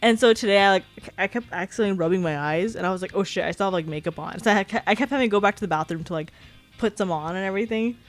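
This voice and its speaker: A woman's voice: medium pitch, racing, faint music behind. A young woman in her twenties streaming a casual chat, rambling with lots of fillers and giggling often. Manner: filler-heavy, frequent "like".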